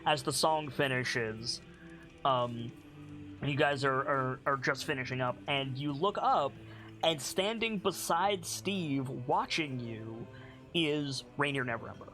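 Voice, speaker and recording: A man's voice: mid-range voice, slow, pushed and bright, soft background music. A man narrating as game master for a tabletop game, in a loose, rambling way. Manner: rambling, loose, filler-laden.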